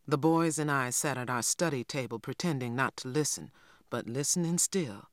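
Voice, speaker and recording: A man reading a children's novel aloud in steady scripted narration. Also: medium pitch, moderate pace, no room sound, studio quality. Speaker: audiobook narrator.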